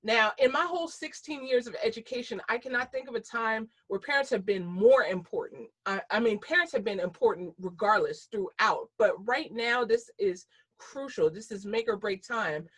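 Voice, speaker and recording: A woman's voice: on the high side, expressive, moderate pace, hardly any pauses, husky. A middle-aged American woman giving a conversational keynote presentation over a webinar, speaking with frequent fillers and restarts.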